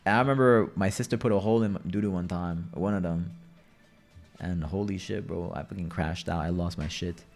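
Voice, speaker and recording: Young male streamer, low-pitched, loose chatty delivery, cursing, light music bed. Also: a little fast, creaky, darkish tone. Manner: rambling, swearing, chatty storytelling. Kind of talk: casual gaming commentary.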